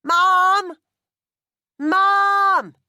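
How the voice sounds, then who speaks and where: A woman's voice: medium pitch, moderate pace, dry recording, studio quality, voice pushed up, close to an everyday voice. A woman reading an audiobook, voicing a sullen working-class boy from London, who bellows and answers back. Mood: bellowing. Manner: bellowing, surly.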